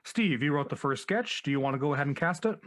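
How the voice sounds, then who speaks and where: Man, brisk host keeping order, lively pitch. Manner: brisk, trying to keep order. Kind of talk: scripted comedy sketch banter.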